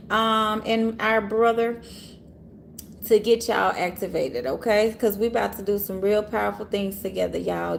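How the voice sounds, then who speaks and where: A woman reader hosting a casual livestream, animated and laughing often, talking straight to her viewers in a room in the city. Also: mid-range voice, creaky, slight background noise. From Orange Mound, Memphis area, USA. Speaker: tarot reader and livestream host. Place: city hotel room, sirens outside.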